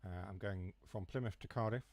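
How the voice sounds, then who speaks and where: Low-voiced Nottinghamshire man chatting. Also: fairly quick, dry recording. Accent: Huthwaite, Nottinghamshire. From Mansfield area, England. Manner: rambling, joking asides, drops H's and T's. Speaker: train sim streamer. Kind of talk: casual chat while gaming.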